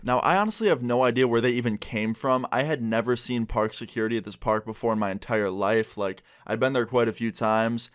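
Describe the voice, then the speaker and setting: A young man telling a story-time vlog in a casual, joking way, swearing freely and getting animated. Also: mid-range voice, clear, resonant tone. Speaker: storyteller vlogger.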